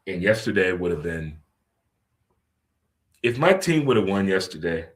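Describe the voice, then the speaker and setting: A man hosting a casual talk radio show, joking and animated, swinging between loud outbursts and low muttering. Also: measured pace. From St. Louis.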